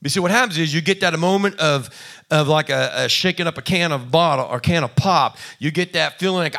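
A man's voice: a little high, expressive, moderate pace, a bit bright. A man preaching a sermon in a conversational, folksy way, acting out little quoted exchanges. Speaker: pastor.

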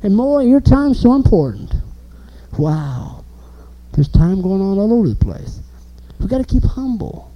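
An animated man preaching an informal sermon, his voice dark and mellow. His pitch swings widely as he drives points home with emphasis. He keeps asking the listeners questions. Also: unhurried, poor audio.

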